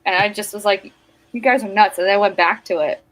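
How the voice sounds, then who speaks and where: Storytelling teacher from New Jersey. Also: female voice, medium pitch, poor audio. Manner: animated storyteller, quick self-conscious laughs. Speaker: teacher and guest. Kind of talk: casual chat.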